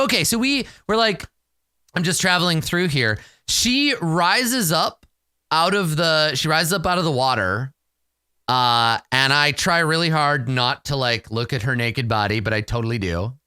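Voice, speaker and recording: A man narrates his solo tabletop game in a relaxed, rambling way, chuckling at himself. His voice is bright and clear, and he speaks slowly. The sound is close and dry. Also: fairly high pitch, no room sound. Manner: relaxed, rambling, self-amused.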